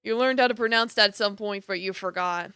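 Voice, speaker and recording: A woman streamer reading a visual novel aloud with expressive narration, broken up by casual asides and laughter. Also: mid-range voice, brisk, clean tone, no echo, studio quality, soft background music.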